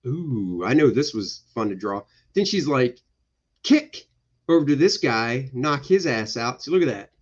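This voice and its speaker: A man's voice: mid-range voice, expressive, normal speed, few pauses, dull audio. A male comic book artist giving casual, jokey commentary on his pages during a livestream. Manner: playful, jokey, slips into goofy voices.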